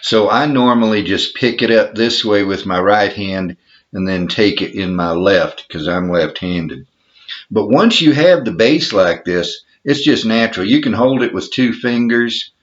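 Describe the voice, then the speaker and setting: A man's voice: lowish voice, expressive, a little slow. A man with a Texan accent, casually showing something on a home video in an easygoing, self-deprecating way. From Texas. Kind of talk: casual show-and-tell vlog. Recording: dull lo-fi home recording.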